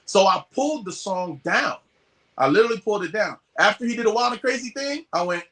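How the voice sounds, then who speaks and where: Man, podcast guest, high voice, lively swoops, swearing, acts out quoted voices. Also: a little fast. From US West Coast. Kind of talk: casual storytelling.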